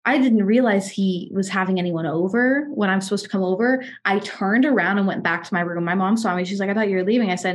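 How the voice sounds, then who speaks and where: A woman's voice: mid-range voice, normal speed. A woman in her twenties in casual podcast chat, telling personal stories candidly and often restarting her sentences. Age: 20s.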